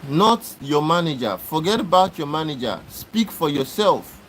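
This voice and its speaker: A man's voice: on the high side, sing-song, moderate pace, a little hiss or hum, low-quality recording. A man hosting a live stream, arguing with commenters in a repetitive, exasperated lecturing way. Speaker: livestream host. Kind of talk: live-stream talk answering chat comments.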